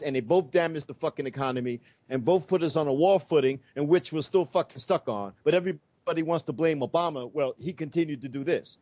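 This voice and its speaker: A man's voice: on the high side, darkish tone, no room sound. A man giving a heated, profane political rant as the host of a talk show, speaking with emphatic force. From United States. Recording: dull lo-fi sound.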